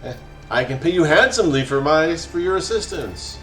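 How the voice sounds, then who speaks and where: A man's voice: on the high side, animated, normal speed, fairly bright tone, voice pushed up. A man reading the lines of his player character, a starship captain, in a plain voice. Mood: pleading. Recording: roomy echo, faint music.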